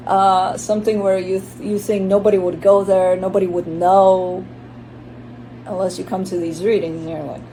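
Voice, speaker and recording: A woman's voice: mid-range voice, level tone, normal speed, background noise. A woman giving a casual tarot reading, chatty and blunt, swearing now and then and voicing the listener's inner thoughts. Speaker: tarot reader.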